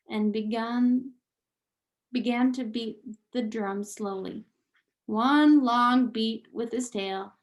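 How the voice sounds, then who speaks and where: A woman reads a storybook aloud in a fairly high voice. Her narration is slow and deliberate, with expressive rises for the story's moments. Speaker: reader.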